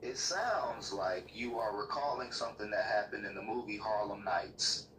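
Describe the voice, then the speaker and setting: A man's voice: fairly low pitch, moderate pace, fairly bright tone, far from the mic, slight background noise. A machine-made male voice answering in stiff, formal, lecturing sentences, played back from a speaker across the room. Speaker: AI chatbot. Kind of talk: calm, formal replies. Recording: roomy speaker playback with faint TV.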